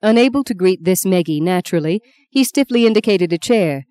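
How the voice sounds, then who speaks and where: A female audiobook narrator reads a novel in a steady, unhurried storytelling voice that sits lowish. The scripted narration is dry and studio quality.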